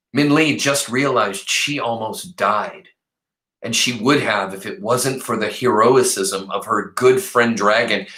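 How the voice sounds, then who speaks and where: A man's voice: mid-range voice, bright, forceful tone, echoey room, poor audio. A man, a teacher, reading a novel aloud to his class and stopping often to talk with the students.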